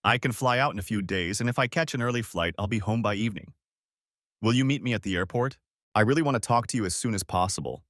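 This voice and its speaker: A man's voice: fairly low pitch, fast talker, a bit bright, no echo, clean studio sound, lightly acted. A man voicing a desperate, unfaithful wife who pleads tearfully with her husband in a storybook reading. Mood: sweet.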